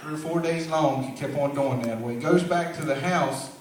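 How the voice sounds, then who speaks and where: At a church play, a man with a fairly high, slightly mellow voice narrates a Bible story at a moderate pace, drawling in a homespun way and dropping preacher-like asides. A far camera records him in a large, very echoey sanctuary, with a little hiss or hum.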